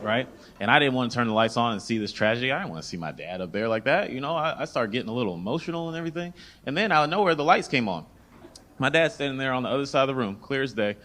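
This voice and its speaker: A man doing a stand-up comedy set on a club stage. He tells his stories in an animated, swearing style into a handheld mic. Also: mid-range voice, racing.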